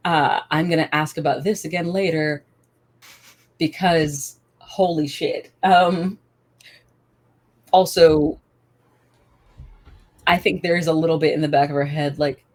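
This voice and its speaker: Young woman player, rambling, laughing, low voice, tabletop role-play. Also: slow, long pauses, a little mellow. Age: young adult. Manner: rambling, laughing, lots of fillers. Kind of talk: narrating her character in a tabletop game.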